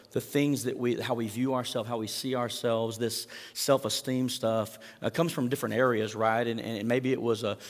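A man preaching a sermon, retelling scripture in lively storytelling and acting out the quoted lines with rising intensity. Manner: animated storytelling, acts out quoted lines with rising pitch and volume. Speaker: pastor. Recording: hall reverb.

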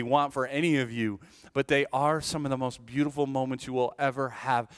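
A middle-aged man preaching a sermon, swinging between hushed whispers and loud, high exclamations, with many repeats and restarts. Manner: repeats and restarts words often. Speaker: pastor.

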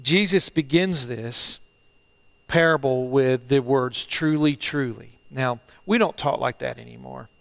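A middle-aged man preaching a sermon as pastor, earnest and halting, often repeating phrases and swinging between loud and hushed delivery. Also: mid-range voice, vocal fry. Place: church, online service.

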